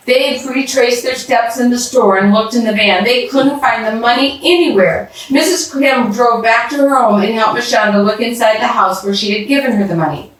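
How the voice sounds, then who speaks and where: A woman storyteller reading a children's story aloud, with an animated manner, recorded in an echoey room from a distance. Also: on the high side, normal speed. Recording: roomy echo from a distance.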